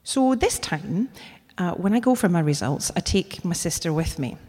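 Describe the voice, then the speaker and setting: A woman's voice: fairly low pitch, animated, normal speed, a little mellow, husky. A woman telling a true personal story live on stage, with wry, self-mocking humour. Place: theatre stage before an audience. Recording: long hall reverb from a live stage.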